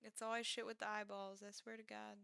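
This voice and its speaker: A woman's voice: mid-range voice, level tone, a little fast, creaky, pushed and bright, clear, resonant tone, no echo. A woman streaming a game, chatting casually and swearing freely as she reacts. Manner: chatty, sweary, laughs at herself. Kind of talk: casual let's-play commentary.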